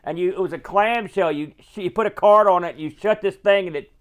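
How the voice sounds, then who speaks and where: High-voiced man explaining details. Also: a little fast, clean tone. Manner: explanatory, fills in technical details. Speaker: co-host. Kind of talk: casual chat.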